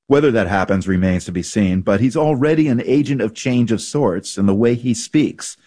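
A male news correspondent reading a scripted report in a measured, lightly wry way. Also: mid-range voice, lively intonation, dark tone, no echo, studio quality.

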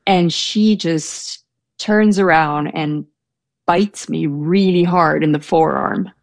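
A woman's voice: sits low, slow pace, vocal fry, no echo, studio quality. A young woman telling a personal story in casual chat, hesitant, with many fillers and restarts. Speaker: storyteller guest. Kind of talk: casual anecdote.

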